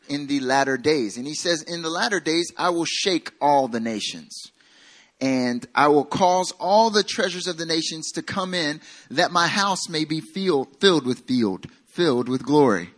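A man's voice: a little high, lively intonation, moderate pace, a bit bright. A man with a Southern American accent preaching a sermon as pastor, talking casually and joking with his congregation. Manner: casual and self-deprecating, with a joking aside.

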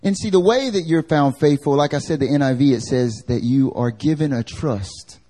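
A man preaching a live church sermon, animated and conversational, acting out everyday voices. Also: mid-range voice, moderate pace. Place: church service.

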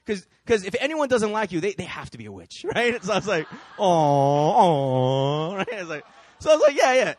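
A man preaching through a personal story, animated, with lots of repeated fillers and laughter. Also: high-pitched, fast talker, breathy edge. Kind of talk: storytelling sermon.

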